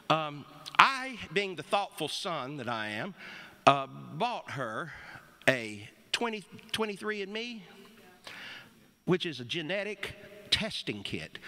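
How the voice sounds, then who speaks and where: A middle-aged man telling a wry, rambling story on stage between songs, with halting restarts. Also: on the high side, bright, forceful tone.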